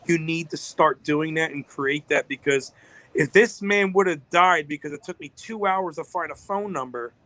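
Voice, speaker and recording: A man's voice: on the high side, moderate pace, bright, forceful tone, no room sound, poor audio. A man, a business-owner guest on a podcast, telling a long story in an emotional, rambling way.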